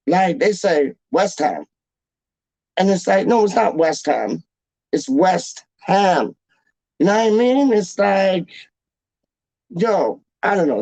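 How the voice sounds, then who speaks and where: A man's voice: high voice, darkish tone, dry recording, poor audio. A young man hosting a fan channel, chatting casually to viewers in a rambling, slangy way that repeats itself.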